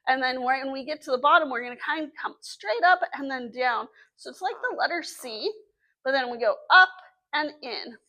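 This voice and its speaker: A woman's voice: sits high, expressive, normal speed, bright, forceful tone. A woman with a Southern US accent leading a children's story time as librarian, with an encouraging sing-song teacher voice.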